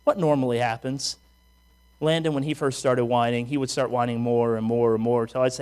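A pastor preaching a sermon in a humorous, conversational way, full of rhetorical questions. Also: male voice, mid-range voice, fairly even intonation, fairly quick, a little mellow, clear, resonant tone.

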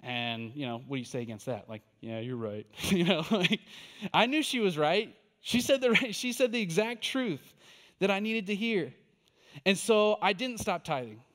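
A man with a notably high voice delivers a sermon like a conversation with his church. He tells a personal story with animated, quoted back-and-forth, then turns to encouraging the listeners. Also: normal speed. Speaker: pastor.

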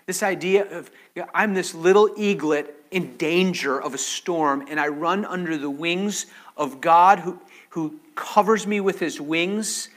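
Preacher moving between pleas and whispers. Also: male voice, high voice. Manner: swings from loud pleading to hushed near-whispers. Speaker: pastor. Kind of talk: sermon. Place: church sanctuary.

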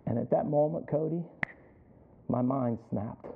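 A male pastor preaching a sermon as a personal story, calling on listeners by name and building to loud emphatic peaks. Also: medium pitch, measured pace, gravelly, a little hiss or hum. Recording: tinny phone-like audio.

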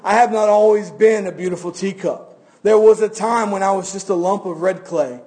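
A man voicing a talking teacup that tells of its painful shaping, pleading and loud. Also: normal speed, lightly acted. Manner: pleading, loud and high-strung. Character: anguished talking teacup telling its ordeal.

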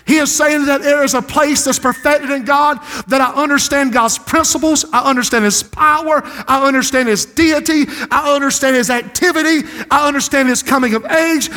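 A male pastor preaching a sermon, building to shouted climaxes and dropping into joking asides. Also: very high voice, brisk. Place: church sanctuary. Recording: long hall reverb.

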